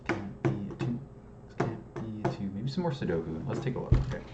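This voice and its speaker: A man's voice: on the low side, lively intonation, fairly quick, reverberant, highs cut off, heavy background noise. A young Canadian man talking through a puzzle game, muttering numbers to himself and apologizing sheepishly. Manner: mutters digits, apologetic and self-mocking. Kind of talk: casual solving commentary.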